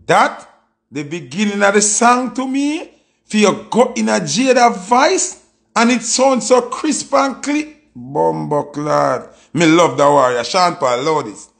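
A Jamaican man gives excitable music reaction commentary, cursing freely as he talks. His voice sits high with a gravelly edge. He speaks at an unhurried pace. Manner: excitable, exclamatory, swears freely.

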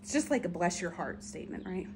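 Excitable, over-caffeinated woman vlogger unboxing finds, casual chatter, noisy home recording. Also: on the low side, fast talker. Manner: chatty, excitable, talks to viewers while unboxing. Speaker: reseller vlogger.

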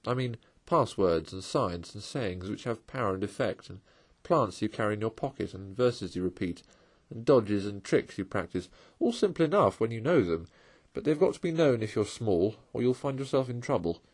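A man's voice: lowish voice, expressive, moderate pace, few pauses, slightly rough. A man voicing a brave, good-natured male water rat in a read-aloud storybook, speaking in a soothing, reassuring way.

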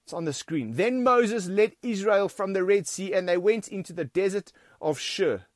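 High-voiced emphatic South African pastor. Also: male voice, no room sound, clean studio sound. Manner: emphatic preaching, repeats key phrases, addresses the congregation as friends. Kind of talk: sermon. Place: church.

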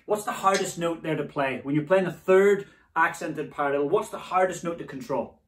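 A man's voice: a little high, fairly quick. A man leads a drumming lesson and encourages his students as he speaks each syllable of the rudiment aloud. He sits a little back from the microphone in a roomy, echoing space. A faint hiss sits under his voice. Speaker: drumming teacher. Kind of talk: instructional lesson. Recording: echoey room, voice a bit far from mic.

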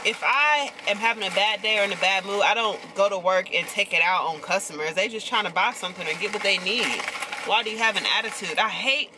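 A woman's voice: fairly quick, hardly any pauses, background noise. Chatty young woman vlogging. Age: 20s. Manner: chatty, animated storytelling, high-pitched when quoting others. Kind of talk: casual chat.

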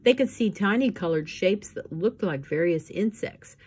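A woman reading a novel aloud as narrator, with steady, measured storytelling. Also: medium pitch, breathy edge. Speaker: audiobook reader. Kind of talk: scripted narration.

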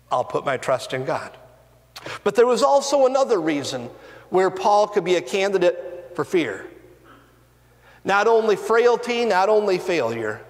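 Slow, lively preaching man in a church hall. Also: high voice. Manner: earnest preaching, rising and falling emphasis, slow deliberate delivery. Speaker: pastor. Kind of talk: sermon. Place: church sanctuary. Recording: long reverb of a church hall.

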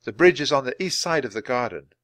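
A man's voice: medium pitch, animated, fast, a bit bright, no echo, natural voice. A man voicing a sensible, worried young boy in a storybook reading. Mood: earnest.

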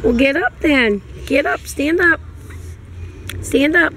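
A mother's high, bouncing voice coaxes her toddler in sing-song baby talk, taking her time between phrases. She is recorded outdoors at a playground on the handheld camera she holds, with a little noise behind her. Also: animated, takes it slowly, a bit bright. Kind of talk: home video chat.

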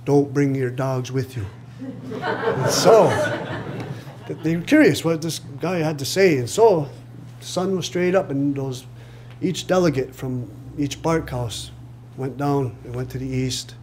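A man telling a traditional story aloud to an audience in a lively way, acting out the voices and chuckling at his own jokes. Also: fairly high pitch, unhurried, slight background noise. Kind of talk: live oral storytelling. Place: live reading event.

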